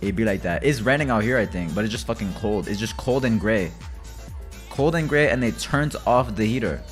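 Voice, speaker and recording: A man streaming a game from home, chatting loosely with viewers, swearing freely and swinging between low mutters and loud rants. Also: lively intonation, a little fast, faint music behind. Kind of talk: casual live-stream chat while gaming.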